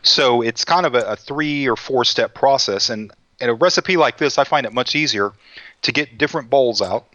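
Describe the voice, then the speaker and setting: A man's voice: medium pitch, moderate pace, pushed and bright, no room sound, muffled recording. Folksy joking man with a Texas drawl. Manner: folksy, joking, says y'all a lot. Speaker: cooking show host. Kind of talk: casual chat.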